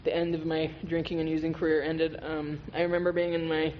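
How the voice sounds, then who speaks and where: Guy sharing his sobriety story at a meeting, kinda high voice, blunt and swears a lot, big echoey hall. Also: monotone, a little fast, highs cut off. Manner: frank and profane, storytelling with laughs. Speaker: AA guest speaker. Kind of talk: candid recovery testimony. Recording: reverberant hall with faint noise.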